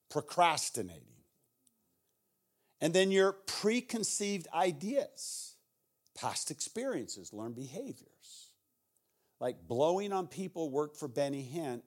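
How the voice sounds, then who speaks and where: A middle-aged man preaching as a guest speaker, telling stories in a conversational way that swings from hushed to intense. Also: on the high side. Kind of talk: storytelling sermon.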